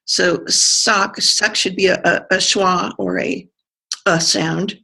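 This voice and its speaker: An accent coach explaining pronunciation in conversation, pausing to think and sounding out vowels to demonstrate. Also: medium pitch, fairly even intonation, creaky, bright, forceful tone, husky. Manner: thoughtful, pauses with fillers, sounds out vowels to demonstrate.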